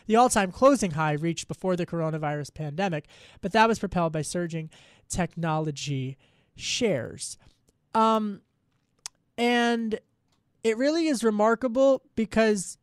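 High-voiced guy anchoring live news, chatty, keeps restarting, dry close sound. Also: no echo. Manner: chatty, self-deprecating, many restarts.

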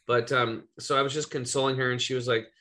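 A man's voice: mid-range voice, fairly even intonation, fast, pushed and bright. A man from Eastern Oregon hosting a podcast, telling a personal story in loose, rambling casual chat with some swearing. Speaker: podcast host.

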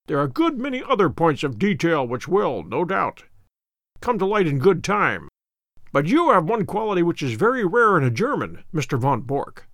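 A man's voice: fairly high pitch, big pitch swings, moderate pace, fairly bright tone, no room sound. Brief: man voicing a witty, unruffled detective; dry, polite irony, dry close recording. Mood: wry. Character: calm, witty, self-assured male detective.

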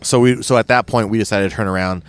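Brief: a chatty storyteller with a lowish voice, loose and rambling. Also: male voice, fairly even intonation, quick pace, clear, resonant tone. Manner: rambling, with many fillers and restarts. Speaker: podcast guest telling an off-road story. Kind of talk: casual storytelling chat.

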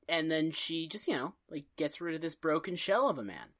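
A woman's voice: low voice, animated, normal speed, few pauses, bright, forceful tone. A woman co-hosting a podcast, recapping a TV episode with wry, profane jokes and melodramatic quoted voices. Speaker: podcast co-host. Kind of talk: casual comedic episode recap.

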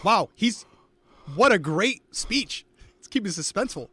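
A man co-hosting a casual live stream, making fast, emphatic calls. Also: high voice, expressive, sharp tone, slightly rough. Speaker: co-host.

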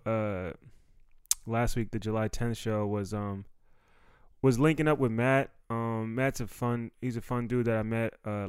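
A man's voice: mid-range voice, a little mellow, clear, resonant tone, no room sound. A young adult man from the Washington, D.C. area, a comedian telling a story in a casual monologue, laid-back and profane. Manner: laid-back, profane, acts out quoted dialogue.

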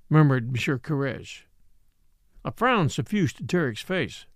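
A man narrating a mystery novel in expressive scripted narration. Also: mid-range voice, moderate pace, no echo, clean studio sound. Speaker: audiobook narrator.

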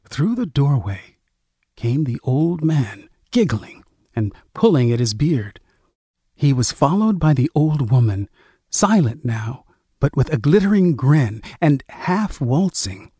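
A man narrating a story in a measured, expressive reading. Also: mid-range voice, slightly rough, no room sound, clean studio sound.

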